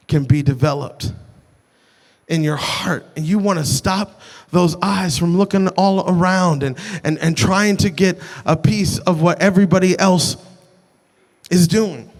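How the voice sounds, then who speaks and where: High-voiced impassioned male preacher, reverberant hall. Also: unhurried. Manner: impassioned, repeats phrases for emphasis, frequent restarts. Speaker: pastor. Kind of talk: sermon. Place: large church sanctuary. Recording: long church hall reverb.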